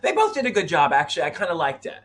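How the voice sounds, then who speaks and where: A man's voice: fairly high pitch, big pitch swings, racing, a bit bright. A man in his thirties co-hosting a casual chat, talking dramatically and acting out other people's voices. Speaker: co-host.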